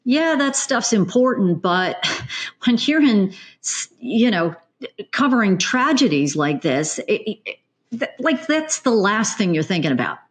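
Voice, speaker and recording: A middle-aged woman with a medium-pitched voice hosts a casual interview. She talks in a lively, conversational way and adds emphatic asides as she goes. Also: unhurried. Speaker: podcast host.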